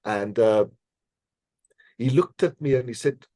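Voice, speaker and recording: A man being interviewed on a podcast, telling a personal story in an earnest, measured way, with frequent fillers and small laughs. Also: medium pitch, dark tone, no room sound. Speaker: podcast guest, decision scientist.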